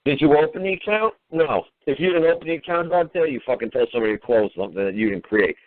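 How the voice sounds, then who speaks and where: A man's voice: a little high, expressive, fast talker, slight background noise. A man hosting a call-in talk show, scolding a caller in a profane, sarcastic way. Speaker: host. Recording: phone-quality radio audio.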